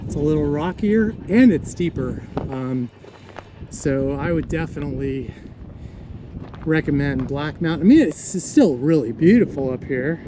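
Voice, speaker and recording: A slightly high-voiced man talks casually to the camera as he climbs an outdoor mountain trail, breathing hard and out of breath. The recording is noisy, with clear outdoor sound behind him. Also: expressive, a little slow. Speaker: vlogger. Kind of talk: casual vlog narration while hiking.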